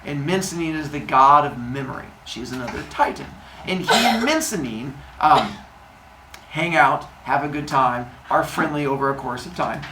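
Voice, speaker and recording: Animated male teacher telling a myth. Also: on the high side, normal speed, noisy background. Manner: animated, playful storytelling. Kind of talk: storytelling lesson. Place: classroom. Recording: echoey room, distant mic.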